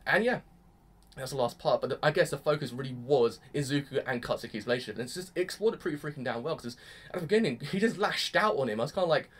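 A young man casually reviewing an anime episode, excitable and gushing, peppering his talk with "freaking". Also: mid-range voice, fast.

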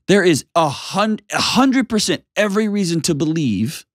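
A man hosting a call-in advice show, talking bluntly and with animated emphasis. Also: high-pitched, moderate pace, no room sound, clean studio sound. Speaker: host.

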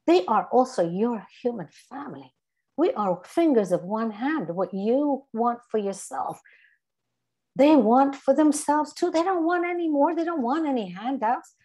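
A woman's voice: high-pitched, warm tone. Earnest woman with an English accent. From Iran. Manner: emphatic, repeats key phrases. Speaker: guest speaker. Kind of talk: earnest spoken reflection.

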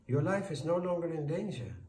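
A man's voice: mid-range voice, unhurried, a little mellow, natural voice. A man voicing an anxious kindly farmer. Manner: anxious, pleading. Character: frightened, kindly male farmer. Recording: roomy, distant, faint noise.

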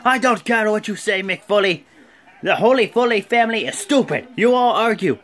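A man putting on the voice of an angry male wrestler who blusters in a loud, altered tone. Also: high-pitched, expressive, normal speed, faint music behind, pitched above the performer's own voice. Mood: blustering.

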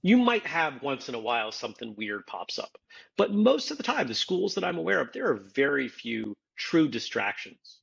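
A man's voice: mid-range voice, sing-song, moderate pace, vocal fry, a bit bright, breathy edge, muffled recording. A man hosting a casual podcast discussion, explaining his points earnestly and step by step. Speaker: podcast host, martial arts instructor.

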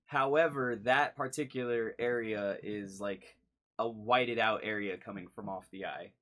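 A man's voice: fairly low pitch, unhurried, pushed and bright. A man playing a tabletop game, joking and laughing often. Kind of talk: casual in-character and table talk.

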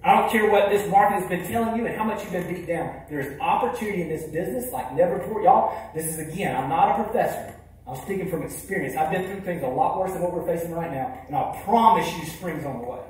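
A man giving a motivational storytelling talk as a keynote speaker, swinging between loud, punchy lines and hushed ones. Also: high-pitched, fast. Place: large hall. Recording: echoey hall from far off.

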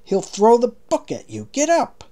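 A man's voice: extremely high pitch, huge pitch swings, normal speed, mellow, pitched above the performer's own voice, exaggerated voice. A man voicing a boastful, pushy American prisoner who runs the camp. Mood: urgent. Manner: blunt, profane, pushy.

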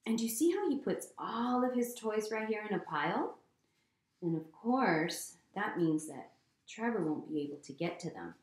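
A woman reading a picture book aloud to children in a gentle manner, often pausing to ask them questions. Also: medium pitch, very animated, roomy sound. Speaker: storytime reader.

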